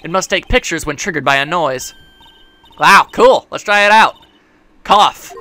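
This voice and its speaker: A man's voice: on the high side, animated, normal speed, long pauses, sharp tone. A man giving casual, joking, rambling gameplay commentary as a let's play host. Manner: joking, rambling, laughs often.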